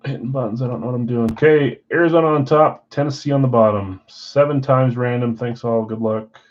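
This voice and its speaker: A man hosting a live card-break stream in casual chat, rattling off names and teams, swinging between loud calls and quiet asides. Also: medium pitch, fairly quick, dull audio.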